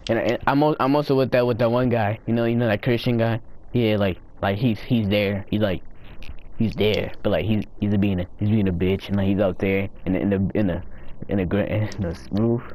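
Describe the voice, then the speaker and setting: A man giving rowdy, profane commentary while playing a game, often breaking into loud high-pitched yells. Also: steady tone, a little fast. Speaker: gamer recording his play. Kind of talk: casual gaming commentary.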